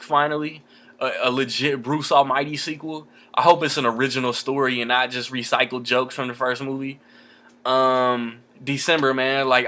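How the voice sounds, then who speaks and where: Young male vlogger, casual profane rambling delivery, bright forward voice. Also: medium pitch. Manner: loose and profane, heavy filler words. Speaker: vlogger reviewing movies. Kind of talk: casual movie rant to camera.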